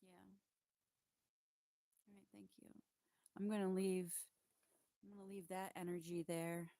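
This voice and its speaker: A woman's voice: on the low side, flat delivery, measured pace, mellow, no echo. A woman working as a psychic medium, passing on spirit messages in a hesitant, emotional way with many fillers and restarts. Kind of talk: spiritual channeling monologue.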